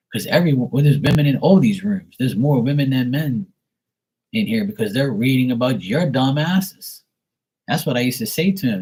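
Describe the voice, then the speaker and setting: A man's voice: mid-range voice, a little mellow, breathy edge. A man giving live tarot readings, talking bluntly and profanely in a casual monologue, acting out others in mocking voices.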